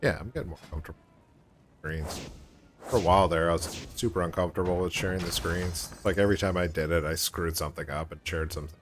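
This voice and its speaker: A man's voice: low-pitched, quick pace, slight background noise. A man hosting a casual game livestream, chatting in a laid-back way and laughing often. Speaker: streamer.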